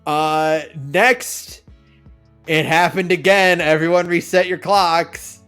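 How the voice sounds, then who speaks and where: Man, slightly high voice, podcast co-host, jokey rambling asides, casual. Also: takes it slowly, fairly bright tone, clear, resonant tone, soft background music. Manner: joking, rambling asides with restarts. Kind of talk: casual gaming chat.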